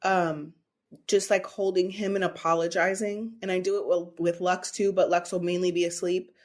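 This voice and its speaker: A woman's voice: fairly low pitch, little pitch movement, a little mellow. Candid woman talking through tears. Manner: tearful, halting, open about feelings. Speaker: podcast co-host. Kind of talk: candid emotional podcast chat.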